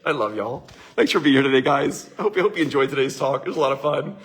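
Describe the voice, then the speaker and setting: A middle-aged man hosting a casual motivational talk, an animated storyteller who acts out family conversations. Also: mid-range voice, fast. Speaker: host.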